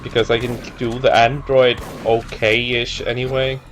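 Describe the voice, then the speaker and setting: A man's voice: mid-range voice, little pitch movement, a little slow, a bit bright, soft background music. A man co-commentating a video game over a headset, dry and sarcastic. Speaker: let's play co-commentator. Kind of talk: casual gaming commentary.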